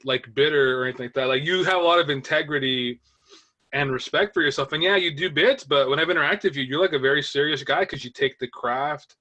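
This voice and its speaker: A laid-back male podcast host with a bright, fairly high voice. He asks easygoing follow-up questions and drops casual swear words. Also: fast. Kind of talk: casual chat.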